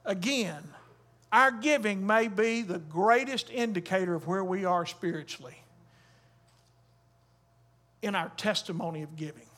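A man's voice: sits high, a little slow, long pauses, fairly bright tone. A man preaching a sermon as a Baptist pastor, emphatic and calling on the congregation to answer back. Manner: emphatic preaching with call-and-response.

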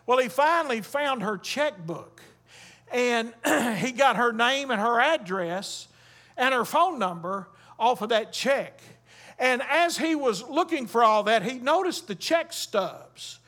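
A man's voice: very high-pitched, lively intonation, slow pace, pushed and bright. A man preaching a sermon as a Baptist pastor, emphatic and calling on the congregation to answer back. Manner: emphatic preaching with call-and-response.

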